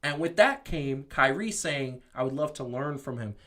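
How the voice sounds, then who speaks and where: A man co-hosting a casual sports talk show, animated and opinionated, often restarting his sentences. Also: mid-range voice, normal speed. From New York. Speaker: podcast co-host. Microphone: streamed show mic.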